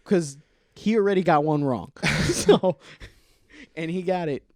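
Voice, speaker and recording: A man co-hosting a comedy podcast in casual chat, making wry, deadpan points. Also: a little high, measured pace, dry recording, clean studio sound. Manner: wry, builds jokes through deadpan reasoning. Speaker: podcast co-host.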